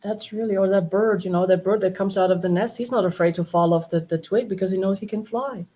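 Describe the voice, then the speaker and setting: A woman's voice: medium pitch, fast. A woman sharing an emotional personal testimony, laughing often and acting out the dialogue she recalls. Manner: animated, laughing often, acts out quoted dialogue. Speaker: retreat participant sharing her experience.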